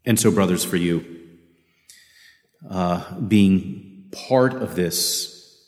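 Male preacher, low voice, earnest sermon delivery with frequent restarts, long church reverb. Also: very slow. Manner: earnest, self-correcting with repeated restarts.

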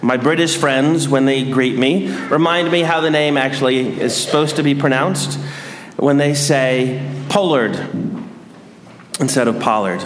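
A man giving a sermon as a priest, measured and dryly humorous. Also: mid-range voice, a little hiss or hum. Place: large church. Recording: echoey church hall.

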